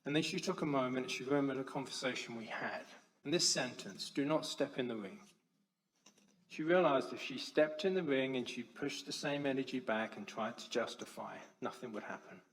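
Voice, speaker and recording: A man speaking as a conference speaker, telling stories to an audience and swinging between loud stressed lines and soft quiet ones. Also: medium pitch, moderate pace, poor audio. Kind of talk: public talk to an audience.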